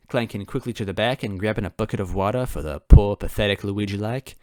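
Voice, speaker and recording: A man's voice: fairly low pitch, brisk, hardly any pauses, dry recording, clean studio sound. A man reading fan fiction aloud in first person, adding wry asides to the listener. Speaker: story reader.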